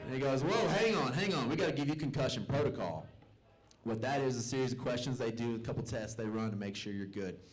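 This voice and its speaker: A man's voice: medium pitch, fast talker, a little mellow. A young man from the American South doing stand-up in a comedy club, loose and self-mocking as he acts out the people in his stories. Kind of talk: stand-up storytelling.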